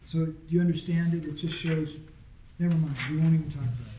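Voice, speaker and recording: A man speaks fast in a slightly high, mellow voice, with a little hiss or hum on the echoey recording. Teaching a small Greek class informally, he is casual and patient and frequently checks that the students follow.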